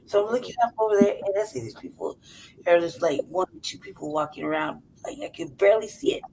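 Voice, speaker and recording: A city-raised woman co-hosting a podcast tells a story in casual, profane chat, animated and laughing often as she acts out what people said. Her medium-pitched voice is fast and gravelly, on a rough recording with slight background noise.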